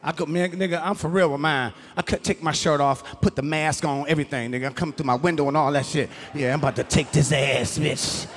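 A middle-aged male stand-up comedian on stage, loud and profane, breaking into shouted bits. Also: on the high side, fairly even intonation, fast talker, few pauses, long reverb tail, slight background noise. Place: comedy stage before a live audience.

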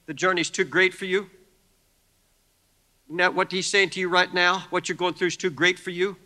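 A man preaching a sermon as pastor, impassioned, moving between hushed pleading and shouting. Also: high voice, flat delivery, moderate pace, in a large hall.

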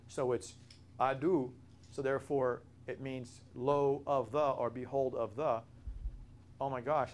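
A man's voice: medium pitch, darkish tone, a little hiss or hum. A man teaching a Bible study. He talks earnestly, repeats his key points and spells out words as he explains them.

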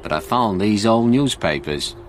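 A man's voice: on the low side, expressive, a little slow, slight background noise. A man doing a firm police sergeant.

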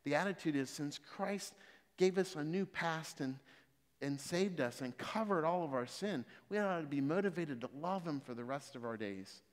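A man's voice: on the high side, animated, normal speed. Man preaching in an echoing hall. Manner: builds from quiet explaining to loud emphatic exhortation. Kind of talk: sermon. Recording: reverberant hall.

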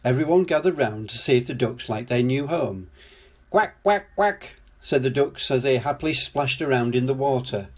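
Older man reading a storybook, husky. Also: mid-range voice, brisk, hardly any pauses. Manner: gentle, lively storytelling. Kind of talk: reading a children's storybook aloud.

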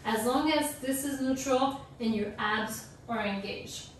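A young woman teaching an online dance workshop, coaching core exercises in a relaxed, chatty way with little jokes. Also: a little high, unhurried, a little hiss or hum. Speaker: dance instructor. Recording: roomy echo, distant from the mic.

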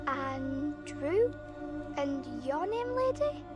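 A woman's voice: sits high, very animated, extremely slow, over loud music, heavily acted. A woman voicing an eerie little girl in an old-fashioned dress in a video game, with a Scottish accent and quaint, formal speech.

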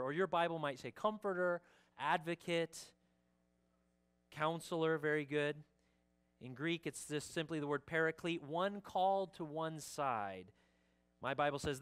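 Man, pastor, sermon in a church, earnest, smooth resonant voice, fairly high. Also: moderate pace, a bit bright. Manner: earnest, with casual asides and fillers between scripture readings. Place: church sanctuary.

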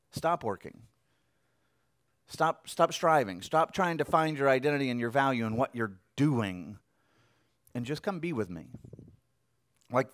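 A young adult man preaching a sermon in a conversational way, repeating phrases and swinging between loud and hushed. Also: fairly high pitch, no echo, clean studio sound. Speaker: pastor.

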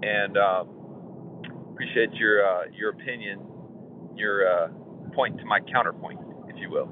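A man's voice: on the low side, measured pace. A man in his forties hosting a podcast, chatting casually and rambling with fillers and chuckles. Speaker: podcast host. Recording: tinny phone line, faint noise.

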